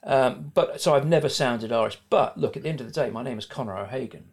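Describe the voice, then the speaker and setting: A man's voice: medium pitch, fast talker, breathy edge. Rambling South London man in his sixties. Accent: middle-class South London. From South London, England. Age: 60s. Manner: rambling, frank, many fillers and restarts. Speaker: guest. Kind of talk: conversational interview.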